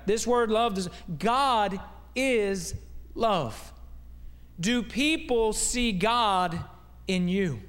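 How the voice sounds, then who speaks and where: Man, guest preacher, high voice, folksy conversational sermon, rhetorical questions, long reverb of a church hall. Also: very slow, fairly bright tone. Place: church sanctuary.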